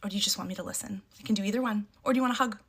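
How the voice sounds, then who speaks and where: With a medium-pitched voice that is a bit bright and slightly rough, a middle-aged woman talks very fast about parenting, addressing the camera casually. She repeats brief catchphrases emphatically and mimics the firm replies she gives her kids.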